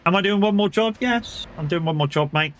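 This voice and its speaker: A man chatting casually over a live game stream, his voice sitting a little higher than most men's. He rambles from story to story and acts out the people in them, with a faint hum of game sounds behind him. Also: fairly quick, a bit bright. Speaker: gaming streamer. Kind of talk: casual live-stream chat while playing.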